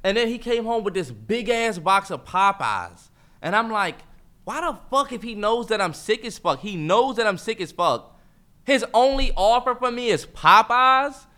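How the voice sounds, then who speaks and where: Young male co-host, high and bright, animated and profane, does mocking impressions. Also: moderate pace. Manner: animated, swearing, mocking impressions of his brother. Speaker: podcast co-host. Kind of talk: casual heated banter.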